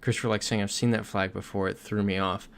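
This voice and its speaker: A young man from Florida on a gaming livestream talks in a low, gravelly voice and laughs as he reads out comments. Faint noise and keyboard typing sit behind him. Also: level tone, quick pace. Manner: chatty, reads viewer comments aloud, laughs often. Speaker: streamer. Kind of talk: casual livestream chat while gaming.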